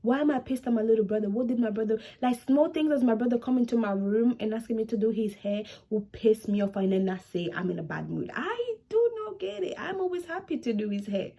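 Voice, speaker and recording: A woman in her twenties talking casually to camera in a home vlog, animated and chatty, repeating herself for emphasis. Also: fairly high pitch, brisk, gravelly, hardly any pauses. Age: 20s. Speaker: vlogger.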